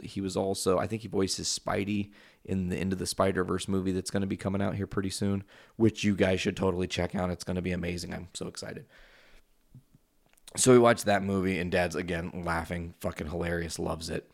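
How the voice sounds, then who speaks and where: Man, low gravelly voice, profane rambling podcast host telling stories at home. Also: level tone, a little fast, darkish tone. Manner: rambling, profane, goes off on tangents. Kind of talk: casual solo podcast storytelling. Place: his home.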